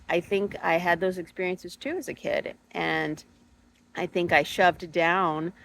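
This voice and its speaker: Woman in her thirties, low-pitched, hesitant, musing to camera, faint noise floor. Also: gravelly, a bit bright, low-quality recording. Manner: thoughtful, hesitant, many fillers and restarts. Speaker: spiritual podcast host. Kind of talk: reflective personal monologue.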